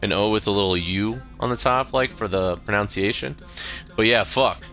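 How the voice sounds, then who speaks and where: A man's voice: on the low side, fairly quick, fairly bright tone, soft background music. An American man in his thirties, chatting on a stream, rambling with lots of fillers and swearing freely. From United States. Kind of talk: casual stream chat.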